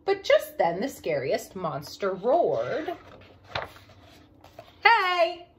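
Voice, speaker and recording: A woman, a children's librarian, reading a picture book aloud for story time in an expressive way. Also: on the high side, a little hiss or hum. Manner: expressive, slow, sing-song reading.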